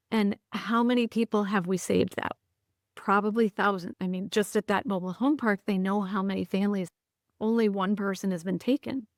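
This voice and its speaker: A woman's voice: medium pitch, no room sound, studio quality. Earnest woman telling stories. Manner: earnest, recounting stories with many restarts. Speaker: podcast guest, writer. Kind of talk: conversational storytelling.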